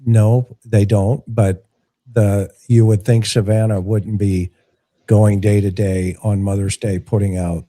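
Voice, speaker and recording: This is a male host taking live calls, his voice sitting on the low side with a mellow, darker color. He talks in a relaxed, direct way and turns playful with his callers. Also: slow. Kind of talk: live call-in show hosting.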